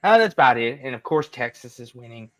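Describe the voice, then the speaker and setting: A man's voice: medium pitch, sing-song, fairly quick, a bit bright. A young man co-hosting a casual sports livestream, teasing his friends and laughing as he talks. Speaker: co-host.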